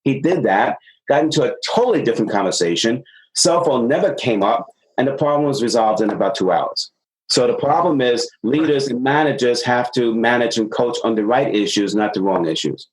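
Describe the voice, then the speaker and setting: Here a middle-aged man being interviewed for a podcast, a sales consultant, speaks a little fast at medium pitch. Energetic throughout, he acts out what people said in his stories, heard on a low-quality recording.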